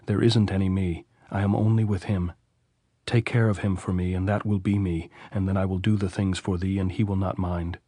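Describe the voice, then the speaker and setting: A man's voice: low voice, little pitch movement, moderate pace, mellow, no room sound, studio quality. A man reading the anxious inner prayers of a frightened young woman in an audiobook, pleading and repetitive. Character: frightened young woman praying in her thoughts.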